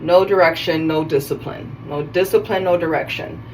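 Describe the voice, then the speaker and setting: A woman's voice: deep voice, moderate pace, a little mellow, recorded from a distance, poor audio. A woman hosting a casual self-care video, chatting while she styles her hair and often stopping to correct herself mid-sentence. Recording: voice a bit off-mic, faint background noise.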